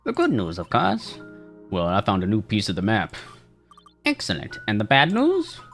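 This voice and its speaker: A man's voice: on the low side, wildly swooping pitch, normal speed, a bit bright, soft background music, heavily acted. A man voicing a prim, condescending rabbit who holds a debt over the hero. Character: prim, scheming male rabbit patron. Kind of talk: voicing characters while playing a game.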